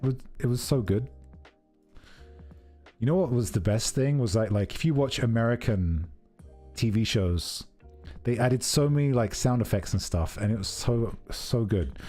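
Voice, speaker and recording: A man's voice: mid-range voice, expressive, normal speed, mellow, faint music behind. A young man chatting casually and rambling playfully on a live stream, very close to the microphone.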